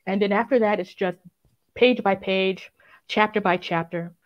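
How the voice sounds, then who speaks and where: A woman who is a crime writer, speaking as an interview guest, reflective and earnest, often filling pauses with "um" and "sort of". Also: medium pitch, fairly even intonation, muffled recording. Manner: reflective and earnest, many fillers and "sort of" hedges. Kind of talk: conversational interview.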